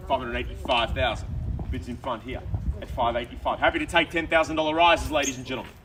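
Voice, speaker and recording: Fast-talking Australian auctioneer outdoors. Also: male voice, mid-range voice, steady tone, fairly bright tone, soft background music. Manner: fast, persuasive auction patter with repeated bid calls. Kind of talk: live property auction calling. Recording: distant outdoor mic with background noise.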